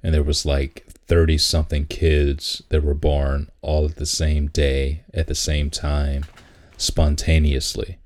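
A man in casual chat, laid-back and laughing often, repeating words when he gets excited. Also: rumbling low, measured pace.

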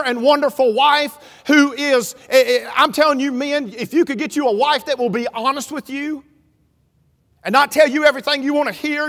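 Middle-aged male preacher, storytelling sermon, very high voice, big hall reverb. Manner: storytelling preacher, builds to shouting. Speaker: pastor. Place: church sanctuary.

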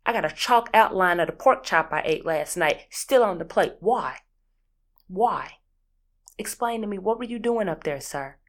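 A woman hosting a casual solo podcast, ranting in an animated, sassy, exasperated way. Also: mid-range voice, moderate pace. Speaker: podcast host.

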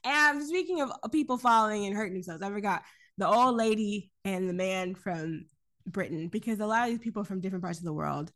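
A woman co-hosting a podcast, recapping a film in casual chat, animated, laughing often and swearing freely. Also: medium pitch, a little fast.

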